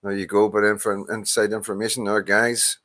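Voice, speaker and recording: A man's voice: on the low side, flat delivery, fairly quick, fairly bright tone, dry recording. A tired Northern Irish man in his fifties hosting a casual live stream, chatting, laughing and greeting viewers by name. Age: 50s. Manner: chatty, swears, laughs often, reads out names. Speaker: livestream host.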